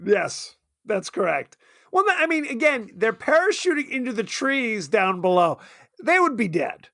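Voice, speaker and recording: A man's voice: extremely high pitch, sing-song, moderate pace, vocal fry, bright, forceful tone, no room sound, studio quality. A man co-hosting a podcast in casual chat, amused and chatty, laughing often as he talks about a movie. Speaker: podcast co-host.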